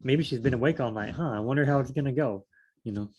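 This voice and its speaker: A man's voice: medium pitch, quick pace, a little mellow, husky. A man leading a casual Bible study, rambling and asking himself questions as he reads. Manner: rambling, thinks aloud and asks himself questions; repeats phrases, many fillers.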